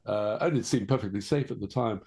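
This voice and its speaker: A man's voice: fairly low pitch, a little fast, darkish tone. An older man, a guest author talking at length in a podcast interview, wordy and self-correcting, with dry asides. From England.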